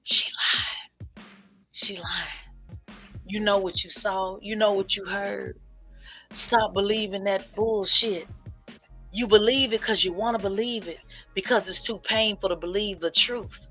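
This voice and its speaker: In a whispered role-play, an old male politician murmurs close to the mic, hushed and insistent, as a woman puts him on. The whisper still keeps a husky grain. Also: medium pitch, fairly even intonation, a little slow, long pauses, soft background music, pitched below the performer's own voice.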